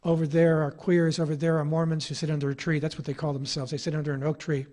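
A man's voice: a little high, little pitch movement, fast, darkish tone. A middle-aged man, an author giving an anecdotal public lecture, telling his stories with a wry, ironic edge.

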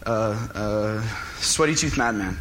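A man doing a staged script reading as a timid teenage schoolboy who speaks in hesitant, halting bursts. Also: on the low side, fairly bright tone. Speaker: intern reading a part. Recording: echoey hall, faint noise.

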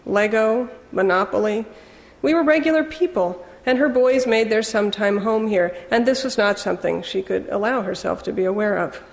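Brief: wry, measured first-person audiobook narrator, woman, mid pitch. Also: gravelly, long reverb tail.

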